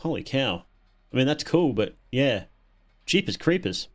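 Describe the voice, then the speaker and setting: A man's voice: mid-range voice, sing-song, a little slow. An Australian man hosting a casual livestream, reacting to videos and chatting with viewers, often chuckling and repeating words as he thinks.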